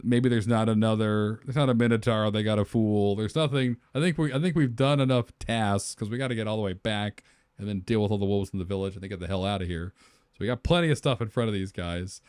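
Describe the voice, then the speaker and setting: Man, lowish voice, casual brainstorming, acts out lines, dry close sound. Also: quick pace, smooth, no echo. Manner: animated storyteller, acts out characters' lines. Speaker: podcast co-host.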